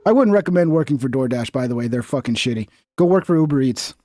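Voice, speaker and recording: A man's voice: mid-range voice, expressive, fast, mellow, no room sound. Blunt, mocking man streamer. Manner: blunt, mocking, swears often. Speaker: streamer reacting to a video. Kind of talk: casual profane commentary.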